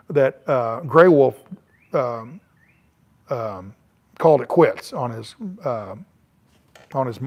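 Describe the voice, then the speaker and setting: A middle-aged man, chatting loosely on his porch with lots of fillers and restarts. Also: medium pitch. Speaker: travel vlogger. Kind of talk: rambling casual chat. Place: on a porch, outdoors.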